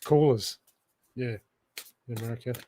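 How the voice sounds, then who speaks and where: A man's voice: medium pitch, moderate pace, noisy background. A man with an Australian accent, giving direct intuitive readings on a live stream and often checking in with the viewer. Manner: direct, keeps checking in with "okay?". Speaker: intuitive reader.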